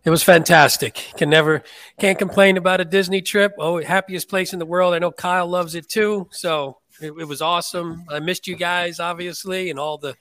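A casual co-host chats on a podcast, a man with an East Coast American accent and a nasal voice. He sits slightly high in pitch, and his voice comes through dry and close. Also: fairly even intonation, moderate pace, a bit bright, no echo. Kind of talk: casual chat.

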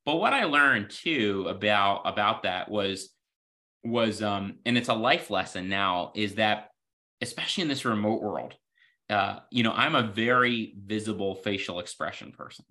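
A man with a fairly low, bright and forceful voice speaks as an interview guest. He tells stories from his working life in an earnest, reflective way, scattering "you know" through his sentences. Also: normal speed. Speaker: podcast guest, healthcare executive.

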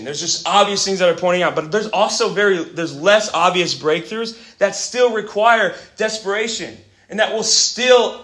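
In a church gathering hall with an echoey sound, a young man with a high-pitched voice delivers an energetic sermon. He's animated and casual, moving from quiet asides to shouting and addressing listeners as "bro" and "man."

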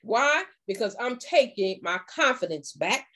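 Animated, slow-talking woman coach. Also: fairly high pitch. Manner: animated, acts out little dialogues. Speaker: confidence coach. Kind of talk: faith-based motivational talk.

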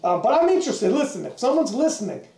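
A powerlifting coach in casual podcast chat who laughs often, swears freely and acts out stories in animated voices. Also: medium pitch, fast, roomy sound.

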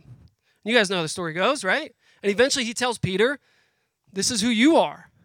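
A man's voice: very high-pitched, sharp tone, no echo. A man in his thirties preaching a sermon, earnest and conversational, getting emotional as he speaks to the crowd. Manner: emotional, pauses and restarts as he speaks. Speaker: guest speaker at a family worship program.

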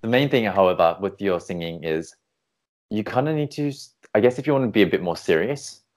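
A man's voice: fairly low pitch, lively intonation, a little fast, darkish tone. A man coaching a singing lesson over a video call, upbeat and encouraging in a chatty way. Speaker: vocal coach.

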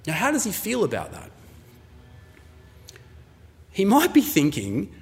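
A man delivers a sermon in a relaxed, conversational way, telling stories and acting out little exchanges as he goes. His voice sits a little higher than most men's. Long reverb trails his words around a large hall. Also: unhurried, pauses often. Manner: conversational, storytelling, acts out voices in anecdotes. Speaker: pastor.

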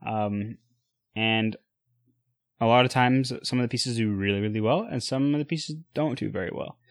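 A man co-hosting a casual chat about sneakers and streetwear, relaxed, with lots of fillers and restarts. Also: medium pitch, moderate pace, no room sound. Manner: relaxed, many fillers and restarts, giving buying advice.

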